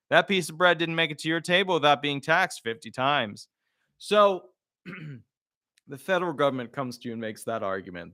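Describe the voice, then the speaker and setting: Indignant male commentator, lively pitch, slightly high voice. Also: a little slow, dry recording, studio quality. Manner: indignant, animated. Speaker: disability lawyer. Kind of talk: casual commentary to camera.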